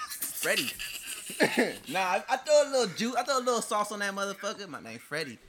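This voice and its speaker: A man hosting a casual chat, joking and animated with lots of slang and laughter. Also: high-pitched, fast, background noise. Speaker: podcast host.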